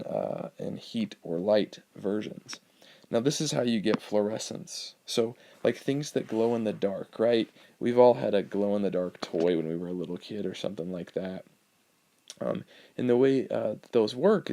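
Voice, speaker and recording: Guy teacher walking thru biology slides, lowish gravelly voice, lots of ums and uhs. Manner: relaxed explaining with many ums and uhs; talks over slides. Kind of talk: recorded classroom lecture.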